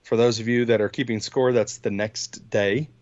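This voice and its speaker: A man's voice: medium pitch, steady tone, normal speed, a little mellow, dry recording. Hesitant man on a dull, dry mic. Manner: hesitant, filler-heavy. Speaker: podcast co-host. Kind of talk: casual tech chat.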